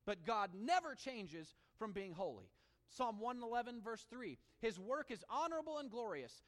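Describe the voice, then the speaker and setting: A man preaching a sermon, reading scripture aloud and swinging between animated emphasis and hushed, intimate asides. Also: high-pitched, moderate pace, in a large hall. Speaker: pastor.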